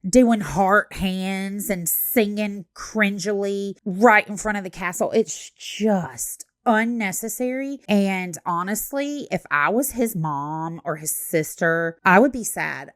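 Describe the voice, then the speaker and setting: A woman's voice: medium pitch, slow pace, few pauses, no room sound, clean studio sound. Blunt, sarcastic woman. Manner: blunt, sarcastic, swears freely. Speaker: commentary host. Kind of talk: reaction commentary.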